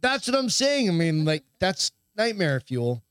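A laid-back man co-hosting a casual podcast, swearing freely and acting out little scenes as he tells them. His voice sits a bit high for a man and lands dry and close on the mic. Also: big pitch swings, measured pace, a bit bright, clear, resonant tone, dry recording. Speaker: podcast co-host. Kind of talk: casual chat.

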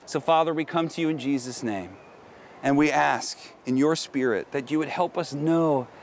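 A middle-aged man preaches outdoors in a fairly high voice. He is earnest and thinks aloud, posing what-if questions to his listeners. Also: moderate pace, slight background noise. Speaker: pastor. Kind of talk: outdoor sermon. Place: outdoors at a historic site.

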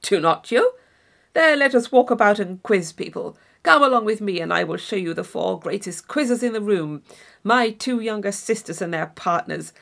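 A woman's voice: medium pitch, expressive, normal speed, vocal fry, fairly bright tone. A woman reading an audiobook, voicing a brash, boorish young man with a blustering, overfamiliar manner.

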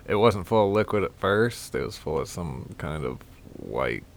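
A man's voice: low voice, very animated, creaky. A man on a podcast, talking casually and hesitantly. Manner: hesitant, halting with fillers. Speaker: podcast co-host.

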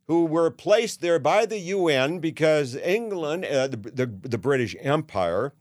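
A man's voice: on the high side, lively intonation, measured pace, few pauses, no echo. Older man, seventies, podcast host, blunt rant, dry close sound. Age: 70s. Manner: ranting, blunt, many fillers and restarts. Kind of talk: opinionated monologue.

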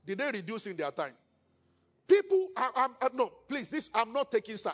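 A man with a Nigerian accent preaching a sermon as pastor, animated and acting out quoted speakers in hushed tones. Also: high voice, a little fast.

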